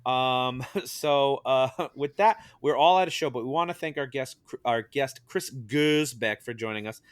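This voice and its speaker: A man hosting a casual podcast, his voice mid-pitched and close, with very little room sound. He rambles with fillers and laughs easily as he wraps up the show. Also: moderate pace, clear, resonant tone, no echo. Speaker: podcast host. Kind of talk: casual chat.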